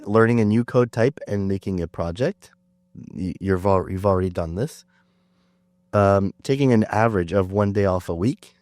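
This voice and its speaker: Deep-voiced man hosting while sick. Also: moderate pace, no room sound. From Canada. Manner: relaxed, chatty, self-deprecating with fillers. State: sick, under the weather. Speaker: podcast host. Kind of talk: casual chat.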